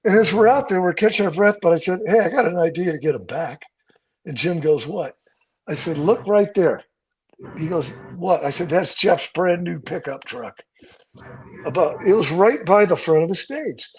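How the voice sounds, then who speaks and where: A man, a stunt coordinator, telling profane, lively stories from a film set and acting out other people's lines. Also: high-pitched, normal speed, slightly rough, rough recording.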